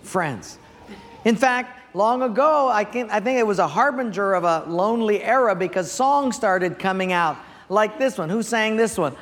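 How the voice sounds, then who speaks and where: A pastor preaching a sermon, telling stories with animation and asking the congregation questions. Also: male voice, high voice, normal speed. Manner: animated storytelling, audience questions. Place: church sanctuary. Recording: long church reverb.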